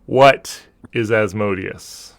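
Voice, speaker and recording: A man's voice: lowish voice, takes it slowly, creaky. A man who is game master, narrating a tabletop game and questioning a player in character. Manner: confrontational, questioning.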